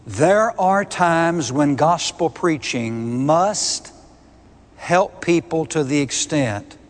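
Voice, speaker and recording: Slow, emphatic preacher in echoing hall. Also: male voice, on the high side, lively intonation. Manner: emphatic, deliberate, repeats key words. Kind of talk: sermon. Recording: long reverb of a large hall.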